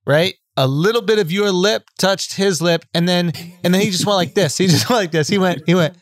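A man's voice: sits high, brisk. A man co-hosting a podcast in a studio, playfully setting up silly hypotheticals in casual banter.

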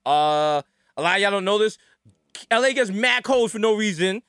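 A man's voice: high voice, normal speed, smooth, dry recording, studio quality. A man, a podcast co-host from New York and former nightclub security, telling stories in casual chat and acting out the people he quotes. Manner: animated storytelling, acts out quotes.

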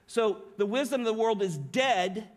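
A man's voice: sits high, normal speed. A man preaching a sermon as pastor, emphatic, with rhetorical questions to the congregation.

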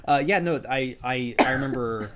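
A man's voice: mid-range voice, unhurried, a bit bright. Rambling man on a gaming podcast. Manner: rambling, filler-heavy, restarts often. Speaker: podcast co-host. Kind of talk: casual chat.

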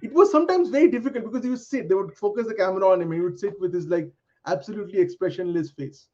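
A middle-aged man speaks with a measured, reflective manner, working through his points in order. His voice sits fairly high. The recording is a bit dull and lo-fi. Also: a little mellow. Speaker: panel guest. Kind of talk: casual panel chat. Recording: dull lo-fi sound.

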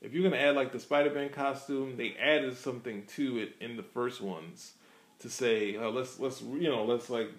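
A man's voice: medium pitch, steady tone, normal speed. Man, podcast co-host, rambling casual film chat, hesitant restarts, echoey room.

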